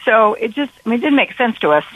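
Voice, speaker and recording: A woman calling in on the phone to a radio show, hesitant and close to tears, with many pauses and fillers. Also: fairly high pitch, sing-song, narrow, tinny audio, a little hiss or hum. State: fighting back tears. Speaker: caller. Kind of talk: call-in radio conversation. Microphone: telephone call.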